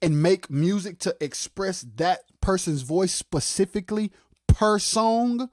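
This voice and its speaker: A livestream co-host giving impassioned commentary on music production. They get fired up and shout, then drop into quiet asides, and repeat phrases for emphasis. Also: mid-range voice, unhurried, dry recording, studio quality. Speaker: co-host of a live music talk stream.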